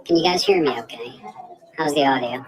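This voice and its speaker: A man live streaming from a busy restaurant on a phone, talking slowly and hesitantly with lots of fillers. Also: on the high side. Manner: slow, hesitant, filler-heavy. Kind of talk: casual live stream chat. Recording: loud restaurant crowd behind.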